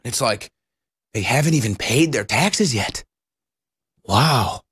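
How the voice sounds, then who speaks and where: A man's voice: mid-range voice, animated, slow pace, a bit bright, breathy edge. A man hosting a political talk show, delivering sarcastic, mocking and emphatic commentary.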